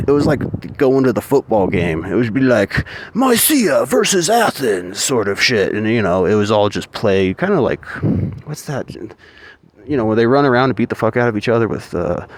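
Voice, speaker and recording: A man's voice: medium pitch, moderate pace, slight background noise. A man telling a story in a casual, profane and rambling way, full of swearing and asides.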